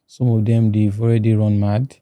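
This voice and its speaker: A man from Nigeria with a Nigerian accent, telling his own story as a podcast guest in a halting way, often repeating words. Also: fairly low pitch, flat delivery, warm tone, no echo. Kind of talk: personal testimony in a podcast interview. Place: podcast studio.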